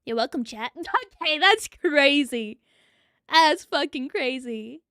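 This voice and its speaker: Nz girl streamer yapping to chat, high voice, kinda out of breath, dry close sound. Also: slow pace, no echo. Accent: New Zealand. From New Zealand. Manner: excitable, chatty, swears freely. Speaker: VTuber streamer.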